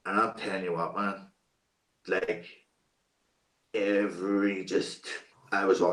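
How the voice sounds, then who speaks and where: A man's voice: sits low, slow pace, pauses often. Man telling a sweary story, roomy sound. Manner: swears freely, animated anecdote-telling with many fillers. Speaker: interview guest. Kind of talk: casual storytelling. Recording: roomy echo.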